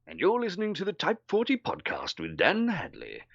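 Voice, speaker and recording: A man's voice: high-pitched, huge pitch swings, brisk, creaky, fairly bright tone, dry recording, voice pushed up, full character voice. A man putting on a posh British voice to play a suave, menacing older male villain. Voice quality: posh, clipped. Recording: dull lo-fi dry sound.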